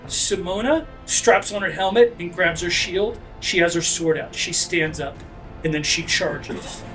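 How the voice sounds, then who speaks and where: A game master narrating a sword fight at the table, his voice pitched high for a man. He drives the action hard, bursting into sound effects, with faint music underneath. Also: measured pace. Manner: energetic, with shouted sound effects.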